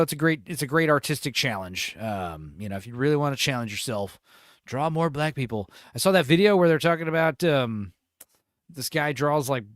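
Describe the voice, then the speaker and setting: A man's voice: medium pitch, a bit bright, no echo, studio quality. A man hosting a casual podcast, who rambles, teases his co-hosts and laughs often. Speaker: host.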